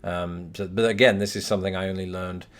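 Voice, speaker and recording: A man's voice: low-pitched, steady tone, a little fast. A young English man hosting a vlog, answering viewer questions with wry, self-mocking asides. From Britain. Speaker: host.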